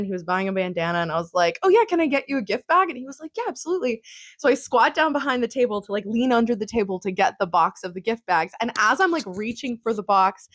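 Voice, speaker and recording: A woman's voice: medium pitch, a bit bright. Young adult woman, casual vlog recap, chatty and laughing often. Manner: chatty, giggly, lots of fillers. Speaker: vlogger.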